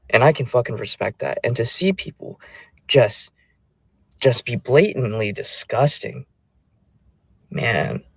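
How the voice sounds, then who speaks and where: A man with a mid-pitched voice speaks with emotion and indignation, weighing his words. The sound is dry and close, with no room echo.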